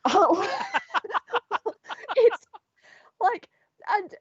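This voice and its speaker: A woman co-hosting a podcast, telling a story in an animated, sweary, laughing way. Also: very high voice, drawn-out words, dry recording. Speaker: podcast co-host. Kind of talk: casual chat. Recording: dull, dry sound.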